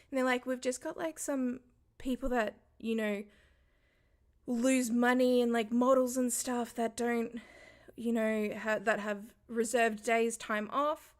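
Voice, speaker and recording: A woman's voice: fairly high pitch, fairly even intonation, a little slow. A young woman, telling a story in a casual livestream, swearing freely and laughing often.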